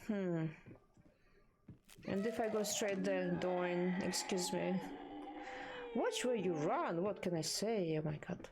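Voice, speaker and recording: A woman's voice: lowish voice, steady tone, takes it slowly. A woman chatting through a horror game as a streamer, talking to the game and her viewers in a bemused way. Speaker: gaming streamer. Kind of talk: live horror game commentary. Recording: game ambience noise behind.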